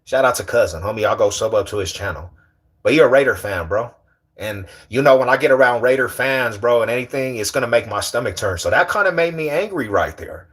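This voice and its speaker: A man chats casually on his livestream. He talks in loose slang, animated and teasing as he banters with the people watching. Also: mid-range voice, a little fast. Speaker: livestream host.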